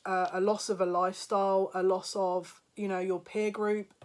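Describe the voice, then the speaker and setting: A woman's medium-pitched voice has a flat delivery and a moderate pace. As a psychic reader doing a spiritual card reading to camera, she talks emotionally to her viewers, sometimes laughing and sometimes tearful.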